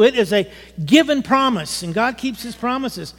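A middle-aged man preaching a sermon to his church, animated, rising to emphatic bursts. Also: very high-pitched, moderate pace. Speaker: pastor. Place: church sanctuary. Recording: long hall reverb.

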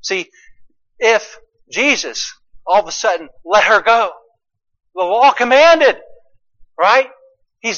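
Guy preaching a sermon, goes from quiet to loud, keeps asking the crowd questions, muffled lo-fi sound. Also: high voice, lively intonation, slow, pauses often. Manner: swings from quiet asides to loud emphatic preaching; asks the congregation rhetorical questions.

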